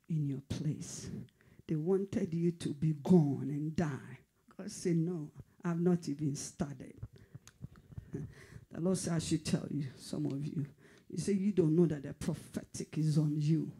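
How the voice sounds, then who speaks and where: A man's voice: on the high side, a little slow, mellow, slightly rough. A man preaching a fervent prophetic sermon, repeating phrases and at times dropping to a whisper. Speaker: pastor.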